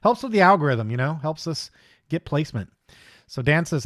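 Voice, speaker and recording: A man's voice: fairly high pitch, sing-song, moderate pace, fairly bright tone, dry recording, studio quality. Easygoing middle-aged man hosting a livestream. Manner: easygoing, rambling, greets viewers by name. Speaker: host of a live hobby stream. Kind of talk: casual livestream chat.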